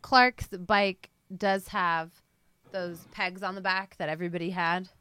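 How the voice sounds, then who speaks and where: A woman's voice: fairly low pitch, fairly even intonation, a little slow, sharp tone, clear, resonant tone, no echo. A woman running a tabletop game as game master, narrating playfully and laughing along with her players.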